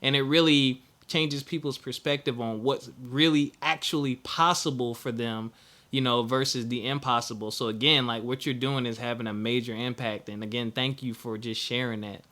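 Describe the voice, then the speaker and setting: A man's voice: medium pitch, steady tone, normal speed, pushed and bright. A male podcast host in a casual interview, encouraging and affirming his guest. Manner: encouraging, affirming, says "man" often.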